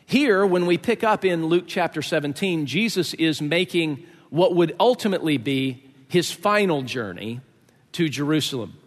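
A man's voice: fairly high pitch, animated, normal speed. A male pastor preaching a sermon in a conversational, joking way with many fillers. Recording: echoey hall.

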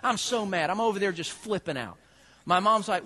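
A man, preaching a sermon in an animated storytelling way that swings from loud preaching to quiet asides. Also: sits high, brisk. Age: 30s. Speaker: pastor.

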